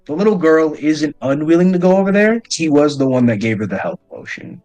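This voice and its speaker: A man's voice: fairly high pitch, expressive, a little fast, darkish tone, soft background music, natural voice, rough recording. A man voicing a smug, menacing male gang boss who carries a gun, with a sneering, threatening delivery.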